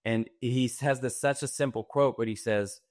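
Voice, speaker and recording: A man appearing as a guest author in a podcast interview, speaking in an emphatic, motivational way with quick bursts. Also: medium pitch, fairly even intonation, dry recording, clean studio sound. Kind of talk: conversational interview.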